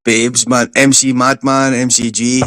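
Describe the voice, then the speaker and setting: A man's voice: mid-range voice, unhurried, clean tone, no echo. A Scottish man hosting a livestream, chatting casually and telling stories with lots of swearing. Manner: sweary, animated storytelling. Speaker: livestream host. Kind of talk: casual stream chat.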